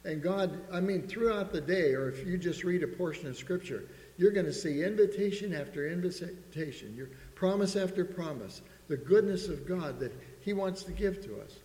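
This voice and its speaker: A man preaching from the pulpit, his voice sitting a bit high, with frequent calls for amen. A long hall reverb rings after every phrase, as in a large church sanctuary. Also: animated, normal speed, mellow. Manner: calls for amens and quotes scripture in old King James wording. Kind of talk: sermon.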